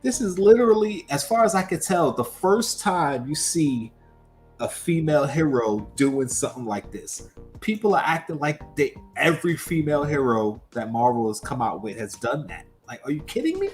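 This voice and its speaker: A man co-hosting a livestream, talking casually about pop culture in an animated, emphatic way full of rhetorical questions. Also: a little high, moderate pace, soft background music. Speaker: livestream co-host.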